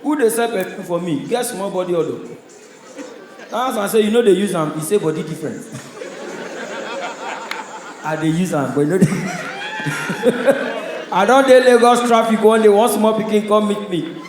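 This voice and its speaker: A man with a Nigerian accent performing stand-up comedy, telling stories in a loud, punchy way. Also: high-pitched, big pitch swings, a little slow, long pauses, crowd noise, noisy background. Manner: loud, punchy storytelling with audience laughter. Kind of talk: stand-up comedy in Pidgin English. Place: stage in a large hall. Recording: echoey live hall sound.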